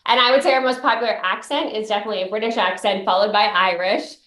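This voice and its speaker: A woman founder talks fluently and brightly about her product as a guest on a radio show. Her voice comes through a roomy, echoey line. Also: medium pitch, fairly even intonation, fast. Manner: fluent, upbeat explaining. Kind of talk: radio interview.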